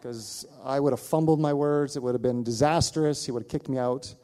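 A man preaching, telling a personal story with animated delivery, acting out the voices of others and laughing at himself. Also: mid-range voice, a little fast. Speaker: pastor. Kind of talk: sermon storytelling.

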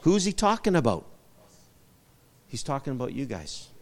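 A man's voice: medium pitch, huge pitch swings, normal speed, long reverb tail. A male pastor preaching a sermon, repeating short emphatic phrases and asking the congregation for amens.

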